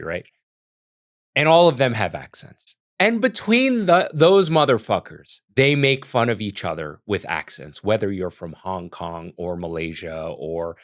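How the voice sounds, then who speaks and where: Earnest, rambling low-voiced man. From United States. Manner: earnest, rambling, frequent restarts. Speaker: chef and reaction host. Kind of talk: casual reaction commentary.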